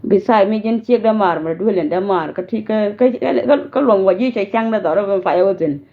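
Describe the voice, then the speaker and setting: A woman's voice: mid-range voice, brisk. Scolding woman on tinny phone audio. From South Sudan. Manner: scolding, warning, code-switching. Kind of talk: direct-to-camera rant.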